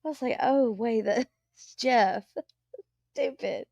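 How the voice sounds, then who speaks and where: Slow-talking chatty woman livestreamer. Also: on the high side, vocal fry, darkish tone, no room sound, lo-fi sound. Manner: chatty, gossipy, greets viewers, swears and laughs. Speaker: livestream host. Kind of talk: casual live chat.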